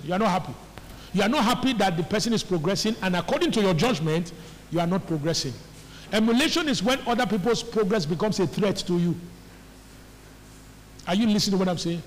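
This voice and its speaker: Preacher, high voice, hall echo. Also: male voice, a little hiss or hum. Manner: call-and-response preaching, repeated questions to the congregation. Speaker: pastor. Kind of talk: sermon. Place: church hall. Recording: faint echo of a large church hall.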